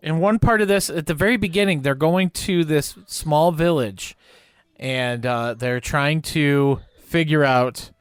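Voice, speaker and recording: A man co-hosting a podcast in casual chat, relaxed and chatty, laughing often. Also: fairly high pitch, unhurried, clear, resonant tone, dry recording. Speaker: podcast co-host.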